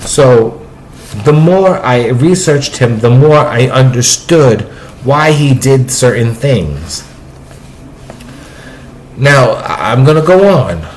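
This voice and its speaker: A man speaking in a personal, confessional vlog, in a halting way with restarts and trailing asides. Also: mid-range voice, a little hiss or hum, poor audio. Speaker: vlogger.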